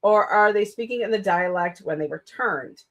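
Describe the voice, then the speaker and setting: A woman's voice: mid-range voice, normal speed. Rambling, laughing woman author. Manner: rambling, many fillers and self-corrections; laughs often between sentences. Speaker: author streaming a writing session. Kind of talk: casual chat.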